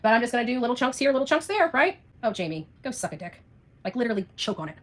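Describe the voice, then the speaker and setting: Fast, sharp-tongued ranting woman. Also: fairly high pitch, very animated. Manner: blunt, profane, sarcastic ranting. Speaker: vlogger. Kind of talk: ranting livestream vlog.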